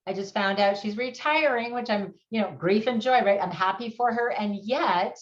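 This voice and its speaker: A woman's voice: mid-range voice, moderate pace, lo-fi sound. A middle-aged woman, a guest speaking animatedly about grief in an interview, often laughing. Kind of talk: conversational interview.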